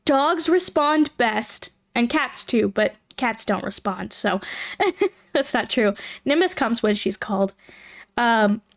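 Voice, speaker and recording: Slow-talking chatty young woman streamer. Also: a little high. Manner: rambling, chatty, giggly, thinks aloud. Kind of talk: casual livestream chat while playing a game.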